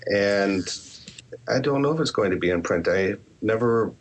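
A man's voice: lowish voice, lively intonation, moderate pace, slight background noise. A man who writes horror and podcasts, answering interview questions in a candid, rambling way with self-deprecating asides. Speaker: author and podcaster.

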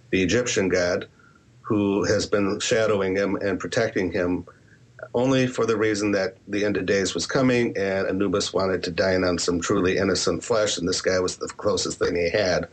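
A man who writes horror and podcasts, answering interview questions in a candid, rambling way with self-deprecating asides. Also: deep voice. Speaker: author and podcaster.

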